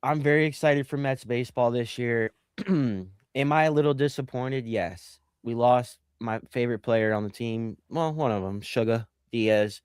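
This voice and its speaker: A man's voice: medium pitch, unhurried, clean tone, no room sound. Guy cohosting a sports podcast, jokey and worked up, dry sound. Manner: animated, jokey, reads out live comments. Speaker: podcast co-host. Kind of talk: casual sports podcast chat.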